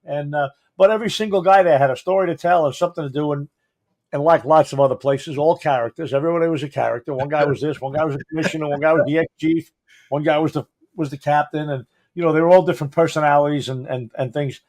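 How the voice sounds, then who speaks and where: A man's voice: on the high side, fast, a little mellow. A man, a fire chief co-hosting a podcast, chatting casually and rambling through stories while acting out what people said. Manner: rambling storyteller who acts out quotes. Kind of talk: casual chat.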